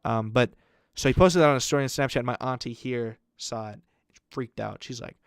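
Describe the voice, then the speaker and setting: A man's voice: medium pitch, moderate pace, vocal fry, clean tone, no room sound. A young man on a podcast telling a long family story in casual chat, rambling with lots of fillers and swearing. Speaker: podcast co-host.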